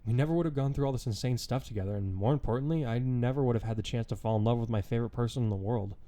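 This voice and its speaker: A man voicing a soft, giggly teen girl. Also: medium pitch, racing, close to an everyday voice. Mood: tender. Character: cheerful affectionate teen girl hero.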